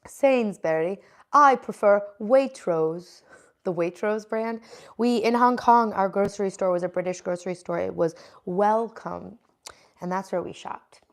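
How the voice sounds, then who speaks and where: A woman's voice: medium pitch, fairly even intonation, moderate pace, creaky, darkish tone. A woman hosting a casual livestream, chatting and answering viewer comments as they come in. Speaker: livestream host.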